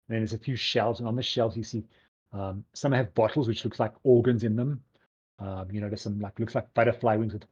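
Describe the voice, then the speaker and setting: A man with a low, husky voice narrates a tabletop game as game master, rambling through his descriptions with frequent ums and likes. The recording sounds dull and lo-fi. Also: mellow.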